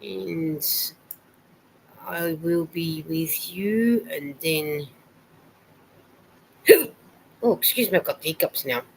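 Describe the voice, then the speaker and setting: Low-voiced woman chatting live. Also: slow pace, gravelly, a little hiss or hum, low-quality recording. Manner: chatty and rambling, greeting viewers and reading their comments aloud. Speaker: knitting vlogger hosting a live stream. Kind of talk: casual live-stream chat.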